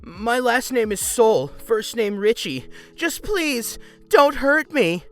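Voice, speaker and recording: A worker fakes tears and begs in a squeaky, very high voice, as a male narrator puts it on. The whimpering pleas swoop up and down over faint music. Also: lively intonation, takes it slowly, fairly bright tone, heavily acted. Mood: mock pleading. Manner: fake crying, whimpering pleas. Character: man faking tearful pleading on the phone.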